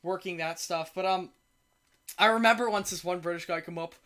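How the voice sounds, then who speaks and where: A man's voice: high-pitched, fairly quick, bright, forceful tone. Rambling young man from Georgia. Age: young adult. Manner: rambling, many restarts and fillers. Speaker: podcast host. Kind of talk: casual chat.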